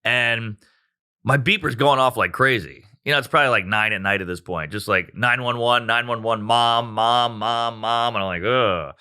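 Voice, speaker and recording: Bright-voiced man telling a wild story. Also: medium pitch, moderate pace, clean tone. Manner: animated, profane, acts out quotes with sound effects. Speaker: comedian guest telling a story. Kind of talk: casual storytelling chat.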